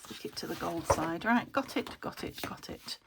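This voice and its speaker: A woman's voice: on the low side, expressive, normal speed, creaky, very noisy. A British woman thinking aloud as she demonstrates a craft project, often muttering half-whispered asides to herself. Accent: British English. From United Kingdom. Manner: self-talk, thinking aloud, chuckling. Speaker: crafter demonstrating junk journal making. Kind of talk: chatty crafting tutorial, talking to herself.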